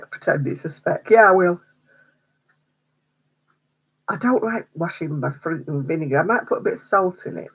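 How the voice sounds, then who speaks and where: A woman's voice: sits low, animated, normal speed, long pauses, slightly rough, muffled recording. A woman hosting a craft livestream, chatting casually with viewers, answering their comments and laughing often. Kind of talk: casual chat with live viewers.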